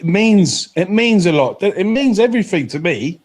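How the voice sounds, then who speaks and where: High-voiced male host cutting in. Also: big pitch swings, moderate pace, crowd noise. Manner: cutting in with short objections. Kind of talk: call-in show hosting.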